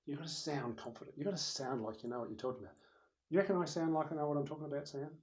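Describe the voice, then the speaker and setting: A man's voice: on the high side, racing, low-quality recording. A man giving a conversational lesson on presentation skills, talking directly to the viewer and to someone in the room. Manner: conversational, animated, demonstrates loud and soft voices. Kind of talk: recorded lecture. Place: room with a camera operator.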